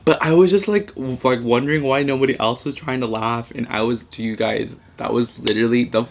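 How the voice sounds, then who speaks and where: A man's voice: mid-range voice, fairly quick, gravelly, a little hiss or hum. A young man in his twenties, a vlogger telling a story casually and animatedly, swearing often and mixing in Spanish words.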